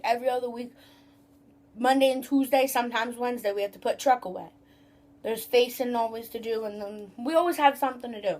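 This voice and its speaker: Chatty profane young woman vlogger. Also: on the high side. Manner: acts out customers' voices. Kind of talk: casual storytime rant.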